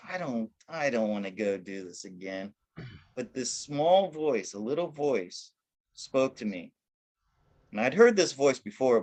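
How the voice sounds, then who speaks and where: A man's voice: mid-range voice, darkish tone. A man telling his life story in a casual interview over a video call, rambling with restarts and laughing at himself. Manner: rambling, with many restarts and self-corrections; self-deprecating, laughing at himself.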